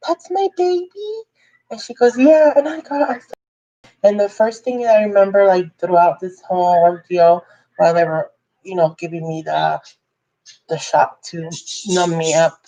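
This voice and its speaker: A woman's voice: lowish voice, gravelly, warm tone, rough recording. A woman vlogger telling a personal story in a candid, rambling way, full of fillers and restarts.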